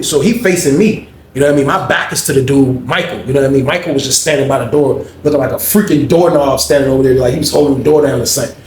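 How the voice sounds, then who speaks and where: A man's voice: mid-range voice, quick pace, few pauses, darkish tone, a little hiss or hum. A man telling a story in a casual, slangy way, often adding "you know what I mean". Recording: echoey room.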